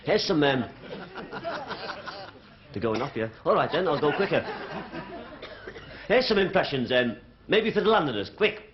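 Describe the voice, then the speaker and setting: A man from Liverpool, England, with the accent to match, banters through a cheeky stand-up set before a live theatre crowd. He speaks on the high side in a sing-song way, at normal speed and pausing often, with slight background noise. It's dull 1970s TV broadcast audio full of loud laughter.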